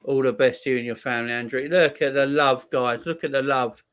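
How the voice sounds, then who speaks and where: A man hosts a live football watchalong, talking loosely to his viewers and reading their messages aloud. He rambles and repeats his shout-outs, with a voice of ordinary middle pitch. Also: steady tone, brisk, clear, resonant tone. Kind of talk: casual live-stream chat.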